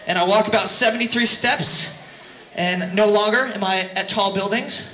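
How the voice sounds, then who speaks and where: A man's voice: sits high, normal speed, bright, forceful tone. A man fronting a band, telling a rambling, self-mocking story between songs at a concert, laughing as he goes. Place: concert venue. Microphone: stage vocal mic. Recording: echoey live venue, crowd noise.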